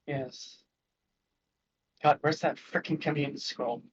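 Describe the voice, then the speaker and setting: A man playing a tabletop game, calm and peacemaking, narrating his character's actions. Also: on the high side, takes it slowly, slightly rough, muffled recording. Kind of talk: casual in-character chat.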